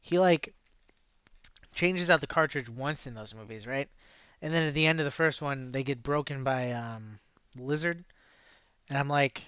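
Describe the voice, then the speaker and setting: A man's voice: medium pitch, moderate pace, pauses often, a bit bright, clear, resonant tone, dry recording, dull audio. A man co-hosting a podcast in casual chat, blunt and opinionated, swearing freely and laughing often. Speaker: podcast co-host.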